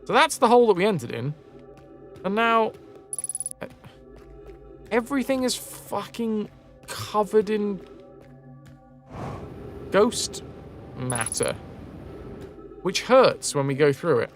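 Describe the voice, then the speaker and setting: An excitable young man comments on his game for a live chat, swearing and joking as he plays. His pitch sits a little high and swings widely. Faint music plays under his voice. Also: slow pace, long pauses. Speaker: streamer.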